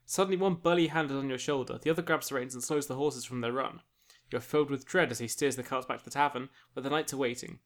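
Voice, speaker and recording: A man's voice: medium pitch, fast talker, hardly any pauses. A man narrating a choose-your-own-adventure book to friends as game master. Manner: reads steadily, aside comments with laughter. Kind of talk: casual narration of a gamebook with friends.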